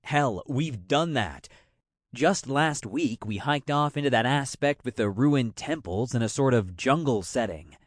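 A man's voice: medium pitch, animated, unhurried, dry recording, clean studio sound. A man doing a wry, restless joker. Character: bored, restless joking grown man.

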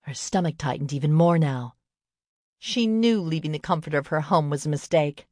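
A woman with a deep voice narrates a novel as an audiobook narrator, reading scripted text in a steady, measured storytelling style. The recording is dry and of studio quality.

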